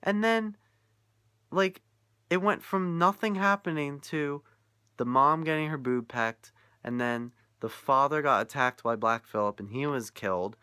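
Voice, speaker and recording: Young male vlogger, casual rant, exasperated, bright tone, dry close sound. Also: fairly high pitch, unhurried, smooth, no echo. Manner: incredulous, animated, laughing often. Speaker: vlogger reviewing a film.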